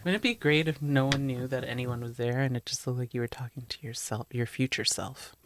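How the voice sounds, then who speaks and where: A young co-host bantering in casual chat, teasing and animated. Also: mid-range voice, brisk. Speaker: podcast co-host. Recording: noisy recording.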